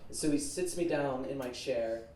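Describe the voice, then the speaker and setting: A teen student comedian with a mid-range, warm voice speaks at normal speed during a stand-up set, with a little hiss or hum on the audio. His nervous, rambling story leans heavily on "like" and other fillers as the comedy club audience laughs, all captured in a roomy, distant recording with the crowd.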